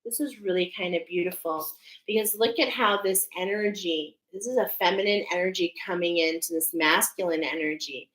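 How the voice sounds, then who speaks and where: A woman's voice: lowish voice, normal speed, a bit bright. Woman host, oracle card reader, earnest and emphatic delivery, in an echoey room. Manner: earnest, emphatic, repeats "okay?" often. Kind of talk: spiritual card reading to viewers.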